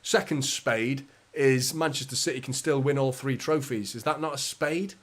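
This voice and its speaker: A man's voice: mid-range voice, normal speed. A man from England hosts a live football fan stream, chatting straight into a streaming mic. He reads viewers' comments aloud and answers them in a loose, defensive, conversational way. He swears casually and laughs between his points. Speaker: football fan channel host. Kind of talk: live stream chat reading.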